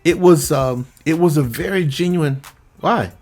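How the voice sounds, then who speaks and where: A man, a vocal coach, telling a story to his viewers in a relaxed, conversational way and acting out what others said. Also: fairly high pitch, normal speed, faint music behind. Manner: lively anecdote telling, acts out the other people's lines; relaxed, conversational, with frequent fillers. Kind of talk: casual storytelling to camera.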